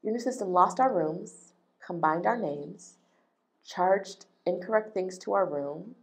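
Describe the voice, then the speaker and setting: A woman's voice: fairly low pitch, unhurried, vocal fry. A woman running a travel business, ranting in a vlog with an indignant, emphatic manner and lots of repetition.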